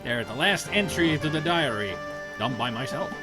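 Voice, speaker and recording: A man's voice: medium pitch, lively intonation, normal speed. A man casually commenting while streaming a game, joking and reading game text aloud. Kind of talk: casual let's-play commentary. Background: game music.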